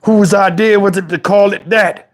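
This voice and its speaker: A man with a high-pitched, steady voice takes on the lightly acted role of an indignant elderly father at a moderate pace. It's a comedic rant in which the preachy dad scolds, swears, and sometimes raises his voice to a shout in exasperation.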